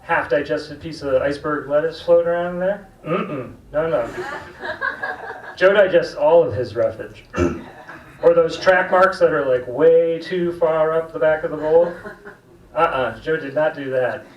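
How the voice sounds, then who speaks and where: A man's voice: a little high, a little slow, muffled recording. A man doing a stand-up set, with wry humor and quoted voices. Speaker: stand-up comedian. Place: comedy club stage. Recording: distant, roomy club recording with faint noise.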